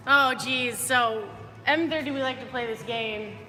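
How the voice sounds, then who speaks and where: A woman's voice: fairly high pitch, bright, forceful tone, big-room sound. A woman fitness coach giving upbeat, chatty movement cues during a live workout.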